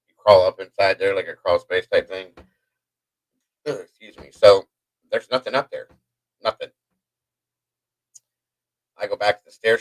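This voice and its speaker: A low-pitched man hosts a home livestream, telling a story to his live chat in a hyper, rambling style full of asides to viewers. The recording is dry and of low quality.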